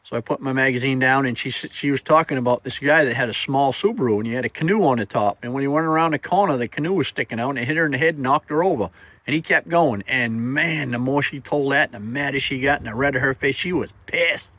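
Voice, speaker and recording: A man's voice: medium pitch, quick pace, bright, forceful tone, no room sound, low-quality recording. A man giving a casual motivational talk as a vlogger, blunt and plainspoken with a folksy way of putting things.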